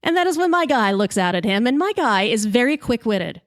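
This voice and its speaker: A woman podcast host telling a comic story in a lively, brash way, swearing freely. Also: a little high, a little fast, no echo, studio quality.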